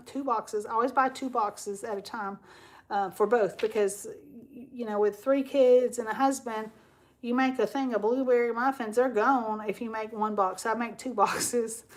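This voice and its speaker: Rambling woman, slightly high voice. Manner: chatty, rambling, laughs often. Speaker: crafting livestream host. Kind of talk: casual livestream chat.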